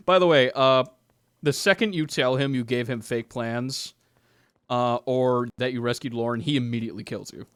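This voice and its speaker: A man's voice: medium pitch, measured pace, fairly bright tone, smooth, no echo. A man streaming a role-playing game, chatting casually with viewers, laughing often and reading dialogue aloud. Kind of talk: casual game commentary with chat.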